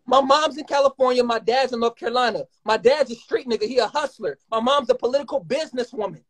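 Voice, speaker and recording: A man in his twenties talking heatedly and rapidly as a guest in a live conversation, swearing often and rambling. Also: very high voice, a bit bright. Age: 20s. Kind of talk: emotional live-stream conversation.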